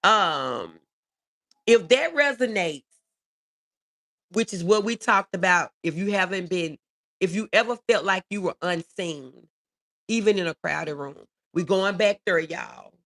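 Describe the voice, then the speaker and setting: Woman, middle-aged, gravelly voice, emotional livestream chat. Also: on the low side, expressive, a little slow. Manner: warm, reads viewer comments aloud, emotional. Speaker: livestream host.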